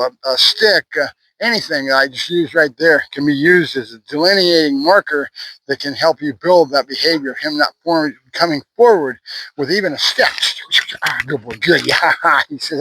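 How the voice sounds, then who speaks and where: A man's voice: fairly high pitch, sharp tone, dry recording, low-quality recording. A dog trainer explaining his method while giving short praise and corrections to a dog during a session. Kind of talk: instructional training demo.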